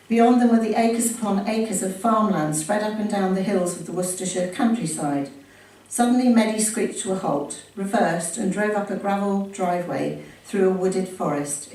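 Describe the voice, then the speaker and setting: A woman's voice: mid-range voice, darkish tone. A woman reads a story aloud from a book, breaking off now and then to chat, laugh and correct herself. Her voice is in a middle range for a woman. She is heard from some distance in a very echoey room, over a faint background hum. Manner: chatty, with laughs and self-corrections. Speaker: reader sharing a family story.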